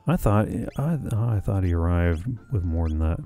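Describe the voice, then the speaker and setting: A man talks his way through a video game in a relaxed, chatty, thinking-aloud manner. His voice sits very low with a gravelly edge and a dark, mellow tone. Faint game music plays underneath. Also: moderate pace, few pauses. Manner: chatty, muses aloud, reads game dialogue plainly. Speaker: let's play host. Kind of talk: casual gameplay commentary.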